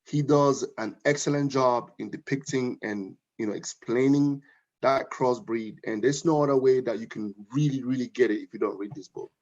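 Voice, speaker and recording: A man giving an earnest, informal speech at a book launch, with halting restarts and repeated phrases. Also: medium pitch, darkish tone. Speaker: guest speaker praising a novel. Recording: dull lo-fi audio.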